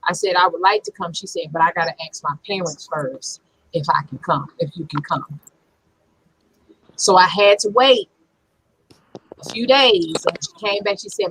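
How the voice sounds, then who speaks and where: A woman's voice: medium pitch, bright, forceful tone, slightly rough, poor audio. A woman sharing a personal childhood story earnestly in a casual panel discussion. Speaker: panel guest.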